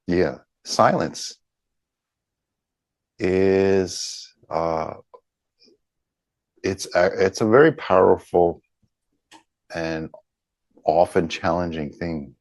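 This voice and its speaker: A man leading a group healing session over a video call, talking gently and haltingly with many pauses. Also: deep voice, dry recording.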